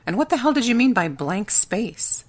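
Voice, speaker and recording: A woman's voice: a little high, big pitch swings, normal speed, voice pushed up. A woman narrator voicing a blunt, pushy male secret agent in an audiobook.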